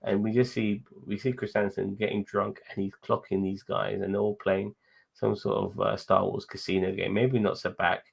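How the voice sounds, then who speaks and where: Low, gravelly man swearing casually. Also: flat delivery, normal speed. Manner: profane, rambling, laughs while talking. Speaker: podcast co-host. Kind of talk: casual chat.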